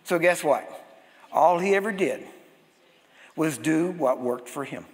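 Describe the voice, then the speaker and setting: Male pastor, high voice, animated sermon storyteller, recorded in an echoey hall. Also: a little slow. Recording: long hall reverb.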